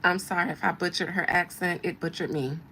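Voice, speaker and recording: A woman's voice: fairly low pitch, steady tone, a little fast, pushed and bright, a little hiss or hum, low-quality recording. A woman hosting a show as a tarot reader, giving blunt, slangy, mocking commentary. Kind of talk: casual commentary.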